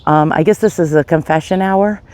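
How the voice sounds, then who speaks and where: In a confessional vlog shot on a phone outside on a residential street, the vlogger sounds panicky and breathless, coughing and pleading shakily. Their mid-range voice is fairly quick and a little mellow.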